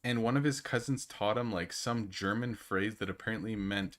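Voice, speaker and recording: A man's voice: medium pitch, normal speed, fairly bright tone. A young man chatting casually to his live-stream viewers at a desk mic, rambling and laughing at himself. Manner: laughing, rambling, self-deprecating. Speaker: game streamer.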